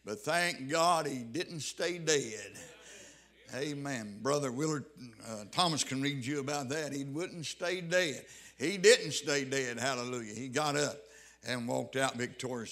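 A man preaching a sermon, with a rhythmic cadence, drawn-out emphatic phrases and shouted interjections. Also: mid-range voice.

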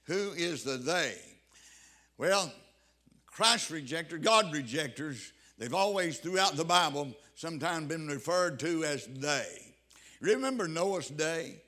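A man preaching a sermon, with a rhythmic cadence, drawn-out emphatic phrases and shouted interjections. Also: on the high side.

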